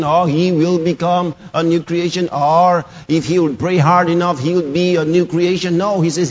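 A man with a high, husky voice preaches in emphatic bursts, repeating scripture lines and driving them home. The recording is dull and lo-fi, with the long reverb of a large church hall around him. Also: normal speed, few pauses. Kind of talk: sermon.

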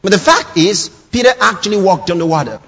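A man's voice: sits high, lively intonation, a little fast, husky. A man preaching a sermon, emphatic and repetitive, reading scripture lines aloud and pressing them home. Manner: emphatic, repeats scripture lines, rising to shouts. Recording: dull lo-fi sound with long hall reverb.

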